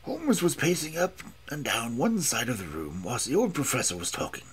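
A man's voice: medium pitch, very animated, normal speed, a little hiss or hum. A man reading a classic story aloud with dramatic, emphatic narration. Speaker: audiobook reader.

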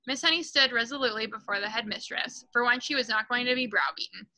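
A woman reads a children's novel aloud to her book club, stumbling now and then and adding asides. Her voice is very bright and fairly high. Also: fast, few pauses, low-quality recording. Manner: reads with light commentary and small slips.

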